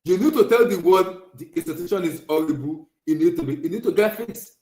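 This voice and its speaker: A man's voice: high voice, lively intonation, a little fast, a little mellow. Ranting man with an echoey sound. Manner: ranting, repeats himself. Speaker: podcast host. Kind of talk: heated football rant.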